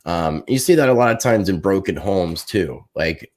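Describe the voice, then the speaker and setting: Low-voiced man musing in chat. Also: animated, moderate pace, darkish tone. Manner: reflective, laughs easily, thinks aloud. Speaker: podcast guest. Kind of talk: casual chat.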